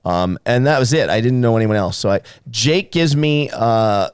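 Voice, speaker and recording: A man as a podcast guest, telling an animated, casual story, swearing freely and acting out the people in it. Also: medium pitch, moderate pace, clear, resonant tone, dry recording, studio quality.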